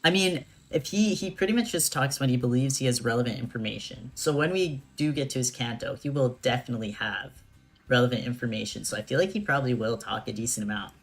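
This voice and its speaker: A woman's voice: rumbling low, quick pace. A young woman streamer chatting casually over a game, laughing often and talking in slang. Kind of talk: casual gameplay commentary.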